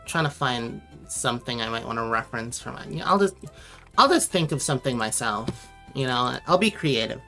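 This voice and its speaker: A woman's voice: extremely low pitch, animated, fairly quick, gravelly, a bit bright, faint music behind. A young woman from Connecticut chatting casually on a late-night drawing livestream, rambling and answering viewers as she reads their messages aloud. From Connecticut, USA.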